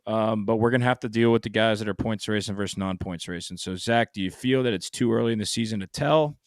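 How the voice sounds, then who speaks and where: A hoarse man hosting a casual sports betting podcast, loose and a little profane, steering the talk with questions. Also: on the low side, quick pace, dry recording, studio quality. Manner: loose, swears, leads the questions. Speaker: podcast host.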